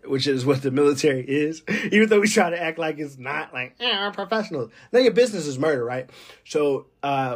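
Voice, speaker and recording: A man's voice: mid-range voice, breathy edge. A man talks casually about workplace personalities, wandering off on tangents as he goes. His speech is full of fillers and restarts. Now and then he gives a wry, uncomfortable laugh. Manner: rambling, digressive, many fillers. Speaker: military weather forecaster. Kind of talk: casual monologue.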